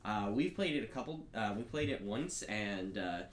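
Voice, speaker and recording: A man's voice: on the low side, animated, moderate pace. A young man hosting a casual family podcast, rambling through a board game review with many fillers. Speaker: podcast host. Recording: echoey room, faint background noise.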